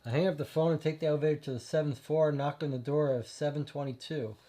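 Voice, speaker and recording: A man's voice: fairly high pitch, steady tone, fast, dark tone, close to an everyday voice. A man voicing a pushy hardboiled private eye narrating in first person in a detective game. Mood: brash.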